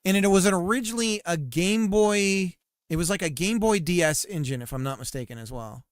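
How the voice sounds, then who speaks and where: A man's voice: high-pitched, a little fast, no echo, studio quality. Upbeat man chatting on a coding stream. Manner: rambling, self-mocking, laughs often. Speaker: game developer streamer. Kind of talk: casual livestream chat while coding.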